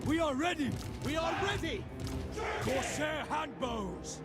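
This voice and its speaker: A man voicing ruthless elf raider soldiers, shouting drawn-out battle cries in a strategy game. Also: very high-pitched, animated, exaggerated voice. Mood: fierce. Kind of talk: strategy game unit voice lines. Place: game sound mixed into a livestream. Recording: distant game audio under loud music.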